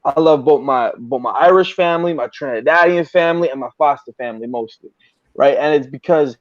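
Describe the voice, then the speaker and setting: A man tells stories in casual podcast talk, swearing freely and animated in his delivery. His voice sits a touch high. The recording is dry and a little muffled. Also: fairly quick, no room sound. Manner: profane, animated storyteller. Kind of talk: casual storytelling chat.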